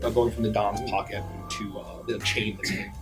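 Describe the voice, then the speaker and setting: A man narrating as game master in a tabletop game, describing the scene loosely with lots of pauses and restarts. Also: lowish voice, flat delivery, music in the background. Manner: loose, with many fillers and restarts while describing.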